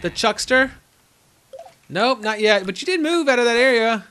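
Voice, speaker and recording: Excitable young man narrating gameplay. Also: very high-pitched, moderate pace. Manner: excitable, talks to the animals, sudden loud outbursts. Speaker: gaming channel host. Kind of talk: casual game commentary.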